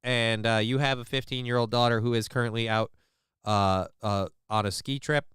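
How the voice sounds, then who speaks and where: A man riffs through a news story in casual reaction commentary. His voice is smooth and crisp, recorded close and dry. His manner is crude and joking, full of swearing and rambling asides. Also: mid-range voice, fairly even intonation, normal speed, fairly bright tone, dry recording. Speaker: stream host reacting to a news clip.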